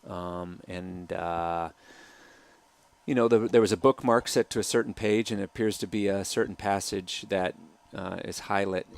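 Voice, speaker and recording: A man talking through footage of his own film as director, soft-spoken and hesitant, with many pauses and filler sounds. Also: low voice, fairly even intonation, gravelly. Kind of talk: commentary over a film trailer.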